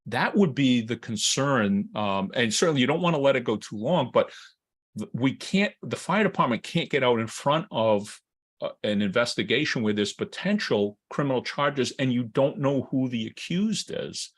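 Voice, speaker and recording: A man's voice: mid-range voice, animated, moderate pace. A man co-hosting a casual legal discussion, talking hesitantly with many restarts and laughing often. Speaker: co-host.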